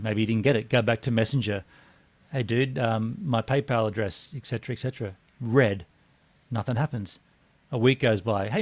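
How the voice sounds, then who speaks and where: A man, co-hosting a casual chat and telling a story with lively acted-out quotes. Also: medium pitch. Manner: animated storyteller, acts out quotes, swears. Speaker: podcast co-host.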